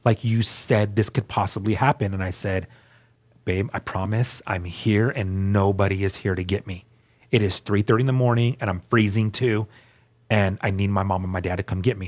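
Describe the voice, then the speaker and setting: A man telling his story as a guest, earnest and animated, acting out the dialogue he quotes. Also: lowish voice. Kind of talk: storytelling testimony.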